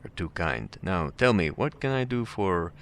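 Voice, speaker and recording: A man voicing a pleasant, cultured man in a game, using a put-on Russian accent and a smooth, courteous manner. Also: low voice, very animated, fairly quick, a bit bright, a little hiss or hum, exaggerated voice.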